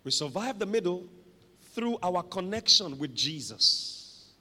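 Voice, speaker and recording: A man preaching a sermon, dramatic and animated, with call-and-response to the congregation. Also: high-pitched, moderate pace. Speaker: pastor. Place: church hall. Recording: long echo of a large hall.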